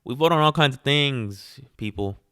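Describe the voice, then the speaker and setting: A man's voice: medium pitch, animated, moderate pace, a bit bright, clean tone, dry recording, studio quality. A man hosting his own podcast, speaking in a casual, opinionated monologue full of rhetorical questions and self-amused laughs. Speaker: podcast host.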